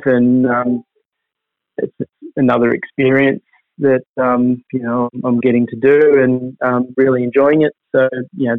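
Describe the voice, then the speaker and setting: Over a dry, phone-like line, a male racing team manager gives positive, measured interview responses. His medium-pitched delivery is hesitant, full of fillers, and he frequently starts sentences over.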